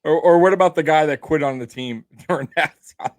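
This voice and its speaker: A man's voice: on the high side, brisk, no room sound. A man co-hosting a casual sports podcast, laughing and teasing as he talks. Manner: laughs often, teasing, swears. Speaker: podcast co-host. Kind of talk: casual chat.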